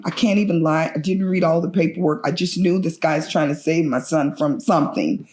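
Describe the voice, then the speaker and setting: A woman's voice: low voice, fairly even intonation, darkish tone, reverberant. Grieving middle-aged mother telling her story. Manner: earnest, halting with grief, voice breaking at times. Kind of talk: emotional personal testimony.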